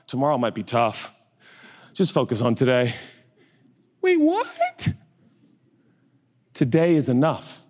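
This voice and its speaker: A middle-aged male pastor preaching a lively sermon, self-mocking and animated, often jumping into high silly voices for comic asides. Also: normal speed. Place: church auditorium. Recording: long reverb of a large hall.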